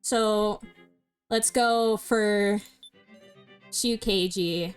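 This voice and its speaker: A woman's voice: mid-range voice, fairly even intonation, very slow, smooth, faint music behind. A young woman streaming a game, chatting casually with a co-player, agreeing often and giggling as she thinks aloud. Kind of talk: casual let's-play chat.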